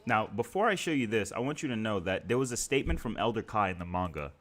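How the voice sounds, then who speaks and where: A man's voice: lowish voice, big pitch swings, quick pace, a bit bright. A man hosting a live stream, talking through scenes one by one in a casual, conversational way with fillers. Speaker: stream host.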